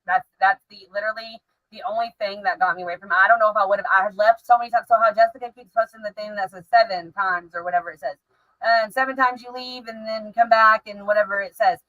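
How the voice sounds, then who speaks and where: A woman's voice: mid-range voice, steady tone, quick pace, a bit bright, no echo, muffled recording. Earnest woman host, dry close sound. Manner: earnest, runs on with fillers like "like". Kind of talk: casual interview chat.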